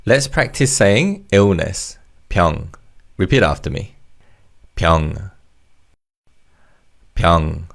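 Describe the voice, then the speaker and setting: A man leads a Korean vocabulary lesson in English. His voice sits low with a gravelly edge, and his tone moves up and down a lot. He explains patiently and encourages learners through each drill. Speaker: Korean language teacher. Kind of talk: language lesson narration.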